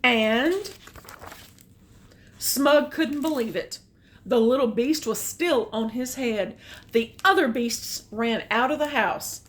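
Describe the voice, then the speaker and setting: An older woman reading a picture book aloud, adding gentle, chatty comments about the pictures. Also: fairly high pitch, a little hiss or hum. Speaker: storyteller.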